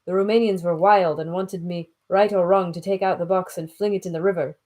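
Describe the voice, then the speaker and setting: A woman reading aloud and voicing a gruff middle-aged male sea captain with a Scottish accent, rambling in thick dialect. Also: fairly low pitch, fairly even intonation, brisk, a little mellow, natural voice. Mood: stubborn. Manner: folksy, rambling dialect storytelling. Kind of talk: audiobook reading.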